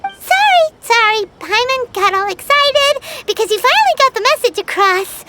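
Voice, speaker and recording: A woman voicing a tiny, excitable fairy-like companion girl in a video game dub, bubbly and squealing. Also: extremely high pitch, a little slow, heavy background noise, full character voice. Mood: excited relief. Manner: speaks of herself by name, bubbly and squealing. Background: game music.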